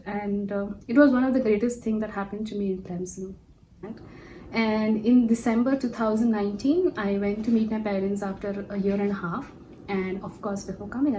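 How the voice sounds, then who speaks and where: A woman's voice: a little high, a little mellow, a little hiss or hum, rough recording. A young woman from India sharing an earnest personal testimony, telling her story with many fillers. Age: young adult.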